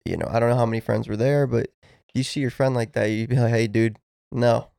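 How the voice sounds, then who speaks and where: A man co-hosting a casual podcast, with gravelly fry in his mid-pitched voice. He talks loosely, swears freely and reacts with quick exclamations, and the recording is dry and close. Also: steady tone, warm tone, dry recording. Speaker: podcast co-host. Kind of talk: casual chat.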